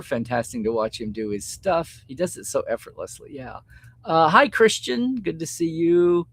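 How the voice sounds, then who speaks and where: A middle-aged man hosting a live stream, reading viewer comments aloud and reacting in a chatty, animated way. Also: mid-range voice, no echo.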